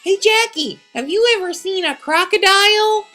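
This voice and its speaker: A man doing a squeaky pestering little kid. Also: expressive, moderate pace, bright, forceful tone, soft background music, exaggerated voice. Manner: high sing-song whine.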